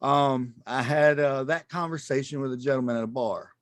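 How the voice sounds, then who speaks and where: A man's voice: mid-range voice, dry recording, studio quality. Self-deprecating male stand-up comic. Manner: self-deprecating, halting with many ums. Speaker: stand-up comedian. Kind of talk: stand-up comedy set.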